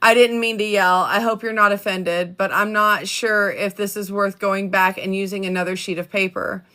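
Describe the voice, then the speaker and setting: Bright-voiced woman livestreamer reading aloud. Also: mid-range voice, fairly even intonation, smooth. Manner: chatty, halting, many ums and restarts. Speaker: livestream host reading documents.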